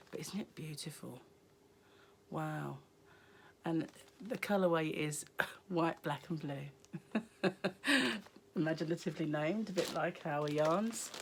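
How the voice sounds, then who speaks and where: A hoarse British woman chatting casually as she unboxes yarn for her crochet vlog, often dropping to a near whisper. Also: deep voice, a little hiss or hum. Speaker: crochet vlogger.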